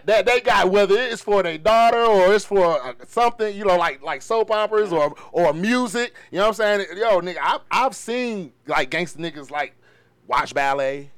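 A man co-hosting a podcast in casual chat, loud and animated, acting out quotes. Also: high-pitched, moderate pace. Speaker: podcast co-host.

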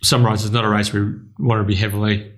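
A man's voice: fairly low pitch, flat delivery, fast, a bit bright. An Australian man hosting a racing podcast, steadily running the segments and going through race fields in casual chat. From Western Australia.

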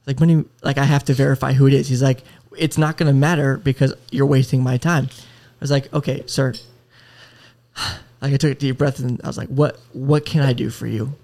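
A man co-hosting a podcast, casually telling a story in a worked-up, animated way with swearing. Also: mid-range voice, a little fast. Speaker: podcast co-host.

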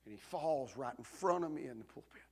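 A male pastor, preaching a sermon as a dramatic story that swings between shouting and hushed tones. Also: medium pitch, lively intonation, brisk, husky.

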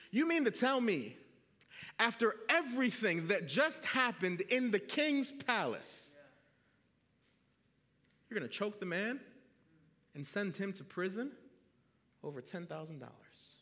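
A man's voice: sits high, big pitch swings, measured pace, long pauses, bright, forceful tone, long reverb tail. A male pastor preaching a sermon, telling a story with animation and putting questions to the congregation.

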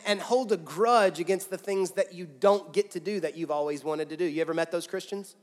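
A man preaches to his congregation in a fairly high voice. He pushes key lines up loud and then drops to near-quiet appeals. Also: brisk, hardly any pauses. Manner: emphatic preaching with big swings from loud to soft. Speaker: pastor. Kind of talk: sermon. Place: church auditorium with a congregation.

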